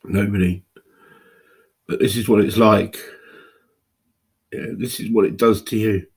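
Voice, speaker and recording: Tearful, very husky low-voiced man in his fifties. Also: little pitch movement. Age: 50s. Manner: halting, raw and emotional, with pauses and restarts. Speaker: video blogger. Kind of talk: personal confessional monologue.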